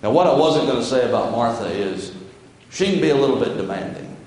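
A man's voice: medium pitch, lively intonation, brisk, darkish tone. A man preaching a sermon as pastor of his church, folksy and conversational, reading scripture aloud between his own remarks. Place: church sanctuary. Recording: very echoey church hall with long reverb.

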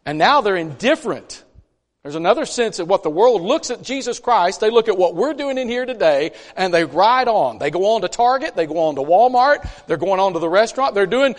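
High-voiced animated preacher in reverberant church. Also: male voice. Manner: folksy, animated, with chatty asides. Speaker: pastor. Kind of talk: conversational sermon with scripture reading. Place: church sanctuary.

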